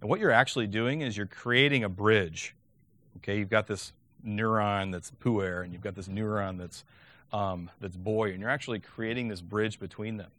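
A man's voice: fairly low pitch, normal speed, a bit bright, no room sound. A man giving a lecture on teaching Latin, talking conversationally and often checking in with "okay?".

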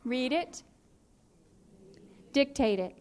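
A woman teaching a phonics and spelling workshop, explaining in a clear, patient, instructive way. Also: high-pitched, expressive, drawn-out words, darkish tone.

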